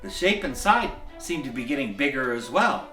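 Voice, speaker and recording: A man in the role of Santa, reading a bedtime story in a gentle, chuckling, folksy way. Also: medium pitch, big pitch swings, normal speed. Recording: echoey room, mic at a distance, soft music.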